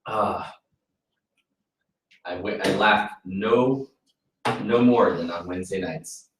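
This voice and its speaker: A man's voice: low voice, slow pace, very echoey, recorded from a distance, a little hiss or hum, rough recording. A man hosting a radio show, playful and announcer-like.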